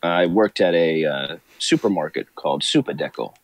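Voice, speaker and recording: A man's voice: rumbling low, moderate pace, no room sound. A man co-hosting a live stream, telling rambling joking stories in casual banter.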